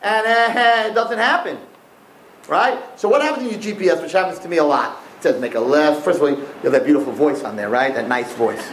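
A man with a high, lively voice gives a humorous religious lecture, swinging his pitch widely and checking in with his listeners. He is recorded in a roomy, echoing space with a faint background hum. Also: a little fast. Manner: animated, repeats "right?" to the audience. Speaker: religious teacher.

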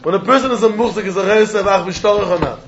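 A man giving a lively Talmud class, mixing English with Yiddish and Hebrew terms, asking and answering his own questions and laughing often. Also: high-pitched, very fast, a little hiss or hum. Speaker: Talmud teacher. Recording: dull lo-fi recording.

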